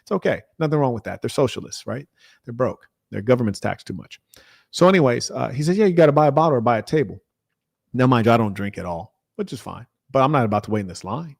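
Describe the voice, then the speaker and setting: A man's voice: mid-range voice, quick pace, vocal fry, dry recording, clean studio sound. An American man telling a story and ranting on a stream, mocking and acting out the dialogue. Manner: animated, mocking, acts out dialogue. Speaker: livestream host. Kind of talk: casual storytelling rant.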